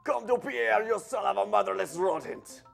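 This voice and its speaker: A pompous chef gloats in a thick, clearly fake French accent, as a man puts him on with a silly voice. The voice is pushed far above a normal speaking pitch, loud and hammy. Every phrase is played for laughs. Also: normal speed, faint music behind. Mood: gloating, hammy. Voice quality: hammy, over-the-top theatrical. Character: pompous French male chef cooking a pig.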